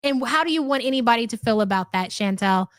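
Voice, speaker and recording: A woman's voice: a little high, expressive, fast talker, a bit bright, smooth, no room sound, studio quality. A woman hosting a live commentary stream, chatty and sarcastic as she reacts to clips and thanks viewers. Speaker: livestream commentary host.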